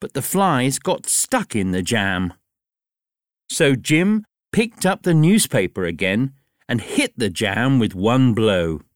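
A man reading a graded storybook for learners aloud, slowly and clearly. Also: no echo, clean studio sound. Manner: very slow, clear, highly expressive reading. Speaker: narrator. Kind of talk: graded reader storybook narration.

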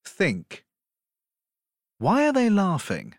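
A woman teacher reading a children's story aloud slowly and clearly, acting out the animals' voices. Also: lowish voice, huge pitch swings, no echo, studio quality. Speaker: English teacher.

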